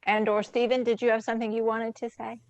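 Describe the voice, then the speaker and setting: A woman on an online panel giving an earnest, measured reflection over a video call. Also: fairly high pitch, level tone, a little mellow, dry recording, muffled recording. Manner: earnest, measured, slows down for emphasis. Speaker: panel speaker. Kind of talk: reflective talk.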